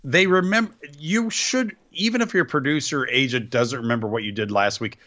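A man's voice: medium pitch, moderate pace, sharp tone, dull audio. A man co-hosting a wrestling podcast, giving strong opinions and repeating points for stress. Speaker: podcast co-host. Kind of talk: casual wrestling chat.

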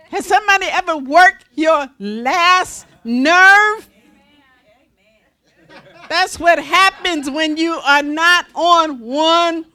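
A woman minister preaching a sermon in a folksy, animated style with call-and-response to the congregation. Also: extremely high pitch, takes it slowly.

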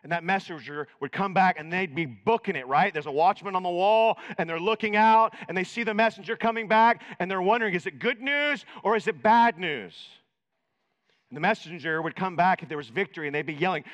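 A man preaching a sermon, dramatic, swinging from loud proclamations to hushed asides. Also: high-pitched, expressive, a little fast, hardly any pauses, long reverb tail, highs cut off. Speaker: pastor.

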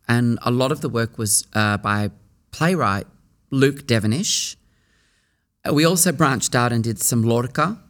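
A man's voice: mid-range voice, fairly bright tone. Musing middle-aged male actor. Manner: musing, with restarts and pauses. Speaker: theatre actor. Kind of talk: reflective interview storytelling.

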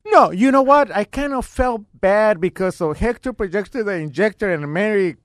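A high man's voice, close and dry. He jokes and rambles through a story in casual podcast banter, throwing in teasing nicknames. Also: lively intonation, moderate pace, no echo. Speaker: podcast co-host.

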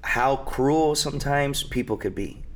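A man's voice: mid-range voice, unhurried. A man hosting a podcast, asking questions and backing up his co-host in a laid-back, casual way. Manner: laid-back, affirming, says "man" often. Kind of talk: casual conversational interview.

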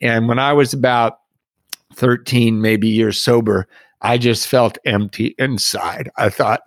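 A man's voice: mid-range voice, steady tone, unhurried, no room sound, studio quality. Earnest man telling his recovery story. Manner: earnest, reflective, with soft laughs. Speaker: podcast guest in recovery. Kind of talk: personal storytelling.

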